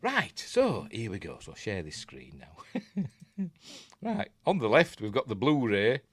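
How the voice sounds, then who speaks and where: A man's voice: mid-range voice, huge pitch swings, unhurried, breathy edge. A man with a Yorkshire accent hosting a casual livestream, rambling and chuckling as he answers viewer comments. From Yorkshire, England. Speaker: host of a film review livestream. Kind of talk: casual live-stream chat.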